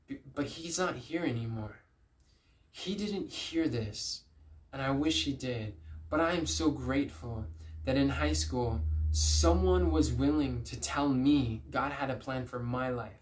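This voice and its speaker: A man giving an earnest, pleading inspirational Christian message, telling stories with emphatic repeats. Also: mid-range voice. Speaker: Christian speaker. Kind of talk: inspirational preaching to camera.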